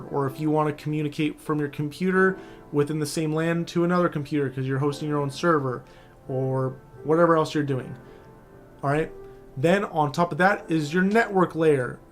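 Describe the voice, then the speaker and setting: A man casually explaining networking basics in a screen-share tutorial, often checking in with the viewer. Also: a little high. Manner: casual, loose, talks to viewer directly with frequent "all right?". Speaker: cybersecurity instructor.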